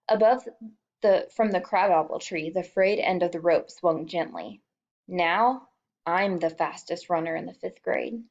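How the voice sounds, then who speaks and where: A woman's voice: on the low side, a little mellow. Woman reading a novel aloud, slightly muffled. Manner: emotive, voices the characters lightly. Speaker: audiobook reader.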